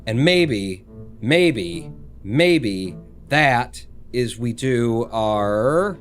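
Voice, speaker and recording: A man streaming a game who thinks out loud and swears freely. He has a mid-pitched voice and reacts to chat as he plays. Faint music plays underneath. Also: animated, drawn-out words. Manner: rambling, swears casually, thinks aloud, reads chat. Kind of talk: live-streamed gameplay chat.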